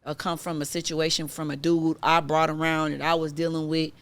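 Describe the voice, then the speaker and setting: Low-voiced woman telling an emotional story. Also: brisk. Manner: emotional, animated retelling, many fillers. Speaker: podcast guest. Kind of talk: personal storytelling in casual chat.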